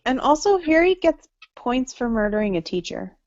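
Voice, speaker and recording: A woman's voice: high voice, sing-song, normal speed, no echo, dull audio. A woman co-hosting a casual book-club podcast, posing questions and quoting passages. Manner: poses questions, reads passages. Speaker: podcast co-host.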